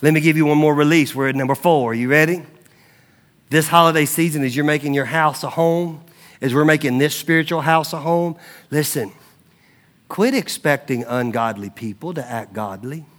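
A middle-aged male pastor preaching a sermon in a conversational, animated way, with stories and asides. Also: on the high side, normal speed.

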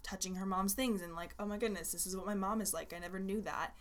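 A woman's voice: mid-range voice, steady tone, fast talker. A young woman in casual chat, rambling with many fillers and restarts as she shares her opinion of a movie. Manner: rambling, filler-heavy, self-interrupting.

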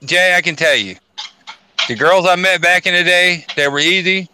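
This man has a high, bright, forceful voice and hosts a casual group chat. He is loud and boisterous and swears freely. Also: normal speed, a little hiss or hum. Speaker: host.

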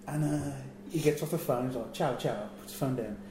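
A man telling a long travel anecdote in a relaxed chat, acting out what people said. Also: mid-range voice, quick pace, a crowd in the background. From England. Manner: animated storyteller, acts out quotes. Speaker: wrestler telling a road story. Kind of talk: casual anecdote. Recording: echoey room, faint ambient noise.

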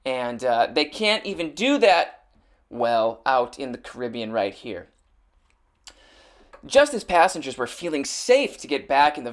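A man's voice: mid-range voice, big pitch swings, unhurried. Sarcastic young man ranting off the cuff. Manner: sarcastic, swearing, many restarts. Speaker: podcast host. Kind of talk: rambling comedic rant. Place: Los Angeles.

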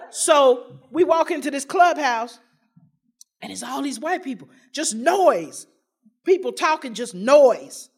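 A woman telling her personal recovery story to an audience, in an animated and humorous storytelling manner with dramatic pauses. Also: sits high. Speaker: recovery meeting speaker.

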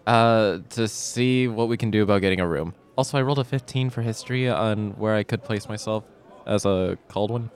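Hesitant low-voiced man at a game table. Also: brisk. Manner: hesitant, rambling. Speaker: player. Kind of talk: casual tabletop game play.

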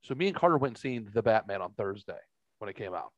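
A man's voice: on the low side, lively intonation, quick pace, dry recording, muffled recording. A man in his forties telling a rambling, profane story in casual chat, acting out the other people's voices. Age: 40s.

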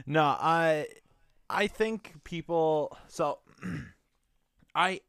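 A man's voice: a little high, extremely slow, fairly bright tone, a little hiss or hum. Blunt, chatty man hosting a podcast. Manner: chatty, blunt, profane rants. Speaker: podcast host. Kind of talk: casual chat.

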